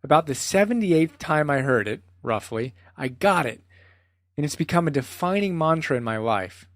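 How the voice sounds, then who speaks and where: A man's voice: a little high, lively intonation, normal speed, dry recording, clean studio sound. A man presenting a spoken book summary in an earnest, conversational way, often reading out quotes.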